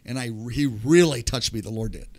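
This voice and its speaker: Older man telling a lively life story. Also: mid-range voice, fairly quick. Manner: animated, acts out the voices of people in his story. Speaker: podcast guest. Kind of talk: personal testimony storytelling.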